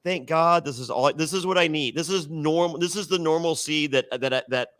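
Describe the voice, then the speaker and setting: A man's voice: a little high, moderate pace, a bit bright, dry recording, clean studio sound. A man telling a casual podcast story, rambling, repeating words and acting out the dialogue. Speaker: reality TV guest.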